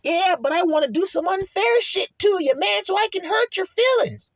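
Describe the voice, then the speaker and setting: A man acting out an indignant, whiny grown man who demands respect, in a high, strained, mocking voice. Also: lively intonation, normal speed.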